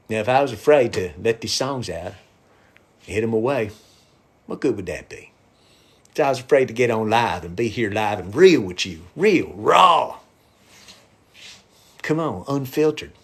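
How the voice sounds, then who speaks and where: A middle-aged man, a musician and comedian, chatting loosely and irreverently to viewers on a live stream, sometimes dropping to a hushed whisper. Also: medium pitch, slightly rough.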